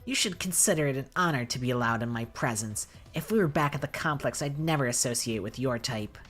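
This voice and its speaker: A woman's voice: rumbling low, expressive, brisk, fairly bright tone, soft background music. A woman voicing a snobbish rich teenage girl with a haughty valley girl drawl, reading game dialogue.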